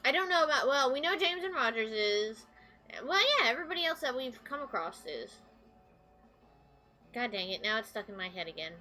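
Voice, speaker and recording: A woman's voice: fairly high pitch, big pitch swings, moderate pace, sharp tone, soft background music. A woman streaming a video game live, rambling to her chat with lots of fillers. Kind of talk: live gameplay commentary.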